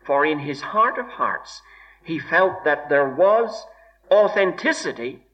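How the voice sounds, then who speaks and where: A man preaching an expository sermon in a slow, measured way, weighing each word with deliberate emphasis. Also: a little high, sharp tone. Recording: dull lo-fi recording.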